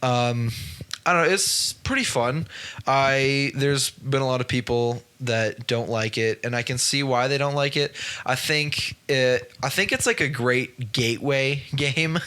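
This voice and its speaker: A man's voice: medium pitch, a little slow, bright, forceful tone, clean tone. A man co-hosting a casual podcast, reading his award picks and talking loosely, often stumbling over names and apologizing. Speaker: podcast co-host. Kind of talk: casual chat.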